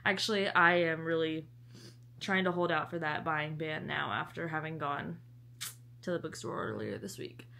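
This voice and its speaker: A woman's voice: sits low, moderate pace, vocal fry, sharp tone, slight background noise. Chatty young woman book vlogger. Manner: bubbly, chatty, talks sweetly to her dog. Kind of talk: casual vlog chat.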